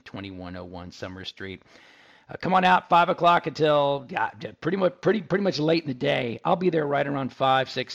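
A man's voice: mid-range voice, vocal fry, dull audio. A man from Texas hosting a radio tech talk show, chatty and joking, with lots of fillers and restarts.

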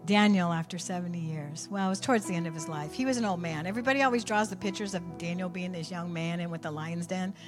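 A woman preaching a sermon, telling a story with animated swings from quiet asides to near shouts. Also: on the low side, quick pace, hardly any pauses, music in the background.

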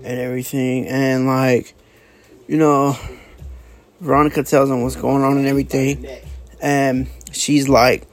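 A man's voice: medium pitch, flat delivery, a little slow, pauses often, soft background music. A man casually recapping a comic book's plot, rambling with lots of fillers, restarts and offhand swearing. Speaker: comic book reviewer.

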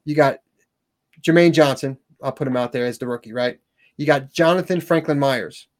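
A sports talk show co-host chats in a casual, animated way, ending his points with "right?" and repeating and restarting words. His pitch is medium and his pace moderate.

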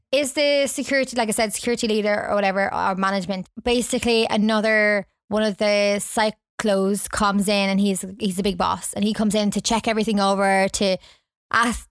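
A woman's voice: medium pitch, steady tone, brisk, no echo, clean studio sound. A woman casually chatting about a film, giggling and acting out lines. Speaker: podcast co-host. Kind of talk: casual movie review chat.

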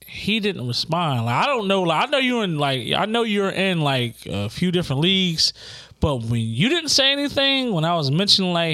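A man's voice: fairly high pitch, sharp tone, dry recording, clean studio sound. A man co-hosting a casual podcast chat, teasing and slangy. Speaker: podcast co-host.

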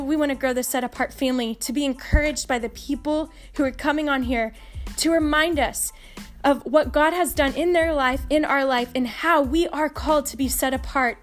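An enthusiastic woman with a Texan accent hosts a faith podcast. Her voice sits high and bright in pitch. Soft music plays faintly underneath. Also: brisk. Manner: enthusiastic, upbeat. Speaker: podcast host.

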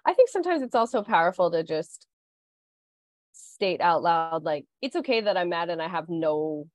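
A woman's voice: fairly low pitch, animated, normal speed, no echo. A woman co-hosting a podcast, reflective and earnest, affirming her co-host in casual chat.

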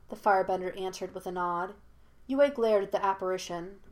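A woman narrating a fan story in an even, steady storytelling voice. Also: medium pitch, a little fast. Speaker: audiobook reader.

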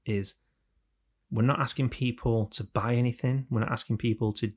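A man's voice: mid-range voice, fairly even intonation, normal speed, husky. A man hosting a podcast, chatting casually and swearing now and then. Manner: chatty, swears, mimics announcer voices. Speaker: podcast host.

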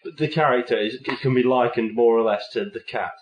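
A man's voice: medium pitch, fairly quick, lo-fi sound. Dry-witted man, roomy sound. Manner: dry, wry humour with long tangents. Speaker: podcast co-host. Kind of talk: casual film chat.

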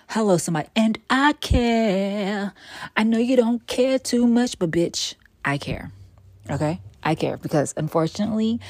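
Low-voiced, blunt, profane woman host. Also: dry recording. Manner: blunt, profane and emphatic, with sudden loud bursts; swings between weary sighs and sassy exclamations. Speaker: podcast host. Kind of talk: casual solo monologue.

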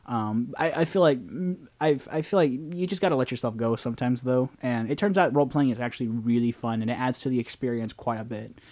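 A man's voice: mid-range voice, brisk, hardly any pauses, darkish tone. A man in casual chat, a game master talking about his games in a hesitant, rambling way with many restarts.

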